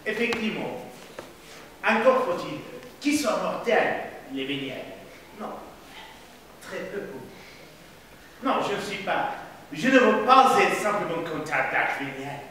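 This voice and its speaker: A man's voice: high voice, sing-song, measured pace, long pauses, bright, forceful tone, exaggerated voice. An actor playing a proud, stubborn man who comes to confess a future sin, in a haughty, mannered stage delivery. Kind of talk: amateur stage play. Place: theater stage. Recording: echoey hall from far off, noisy.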